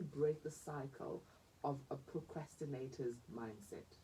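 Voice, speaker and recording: A woman with a South African accent hosting a radio talk show, expressive and emotional, laughing easily as she speaks. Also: low-pitched, moderate pace, distant mic, poor audio. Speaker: radio host. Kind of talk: radio interview.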